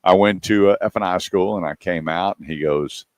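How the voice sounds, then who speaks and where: A man's voice: deep voice, normal speed, no room sound, studio quality. A man hosting a radio talk show, telling a long story in a casual way and acting out the dialogue of the people in it. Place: radio studio.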